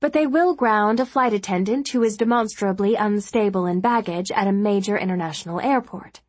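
A woman voicing a blunt, sharp-tongued woman lawyer in a storybook reading, frank and scolding. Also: mid-range voice, brisk, dry recording, lightly acted.

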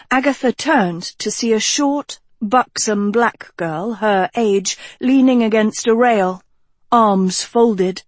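A woman narrating a storybook in a measured, expressive way. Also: medium pitch, dry recording. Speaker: audiobook narrator.

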